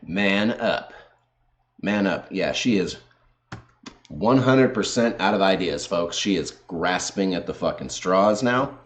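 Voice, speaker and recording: A man with a lowish voice rants at his viewers in combative commentary. He is sarcastic and swears constantly as he argues his points. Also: animated, slow pace. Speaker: video host. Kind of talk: profane ranting commentary.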